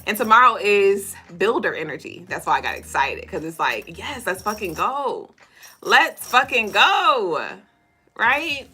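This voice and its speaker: A woman hosting a casual spiritual reading livestream, talking straight to viewers in a loose, profane, animated way. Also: medium pitch, moderate pace, few pauses, slightly rough. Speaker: spiritual reader and co-host.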